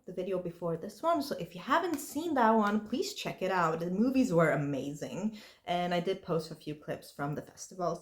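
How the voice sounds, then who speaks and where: A woman reviewing horror movies in a casual, rambling way, full of likes and you-knows. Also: mid-range voice.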